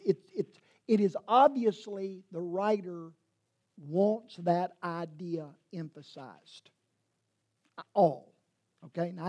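A man's voice: high-pitched, darkish tone. A man, a pastor preaching a sermon in a rambling, self-correcting way and teasing his congregation.

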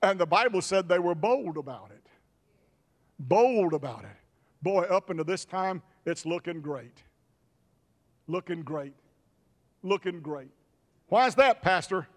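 A pastor preaching a sermon with emphatic repetitions. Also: male voice, high-pitched, animated, measured pace, long pauses, in a large hall.

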